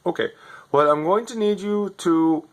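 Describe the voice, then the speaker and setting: A man's voice: high voice, a little slow, voice pushed up. A man voicing a clueless male tech support agent who reads polite, repetitive lines from a script.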